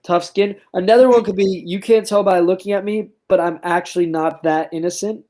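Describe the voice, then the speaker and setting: Earnest young man, slightly high voice. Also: fairly even intonation, brisk, mellow. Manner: earnest, enthusiastic, uses filler words like "like" and "um". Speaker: guest. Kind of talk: casual interview chat.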